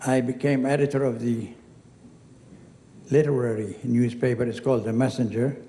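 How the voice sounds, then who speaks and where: An older man with a Lebanese accent tells stories in a mellow, relaxed voice, acting out both sides of old conversations. His speech rings out with the long reverb of a large hall. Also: mid-range voice, moderate pace. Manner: chatty storyteller, acts out quoted dialogue. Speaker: honoree giving acceptance speech. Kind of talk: anecdotal speech. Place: event hall.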